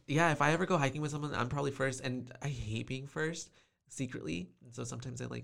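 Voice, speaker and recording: A man's voice: medium pitch, fast, gravelly, a bit bright. A man co-hosting a podcast, recapping a horror movie in loose, rambling casual chat with many restarts. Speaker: podcast co-host.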